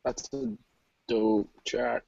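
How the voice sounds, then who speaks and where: A man's voice: mid-range voice, sing-song, extremely slow, gravelly, lo-fi sound, over a noisy crowd. A young adult man in a casual chat, laid-back and teasing. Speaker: show guest.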